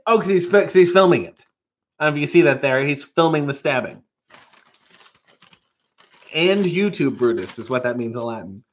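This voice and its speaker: A man's voice: on the high side, lively intonation, normal speed, long pauses, highs cut off. A man hosting a casual comedic stream, reading chat comments and comics aloud with dry, offhand joking asides. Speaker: streaming show host.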